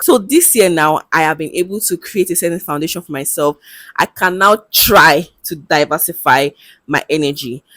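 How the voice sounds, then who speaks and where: A young Nigerian English-accented vlogger talks to camera with candour and easy laughter, slipping in local slang. Her low voice has a fairly bright tone, and the recording is dry.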